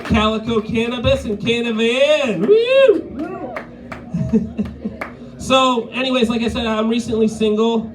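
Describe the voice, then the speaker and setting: Male stand-up comic, high-pitched, crude and profane, laughs at his own punchlines, live club set. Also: unhurried, pauses often, soft background music, rough recording. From Maine, USA. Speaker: stand-up comedian. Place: live comedy venue.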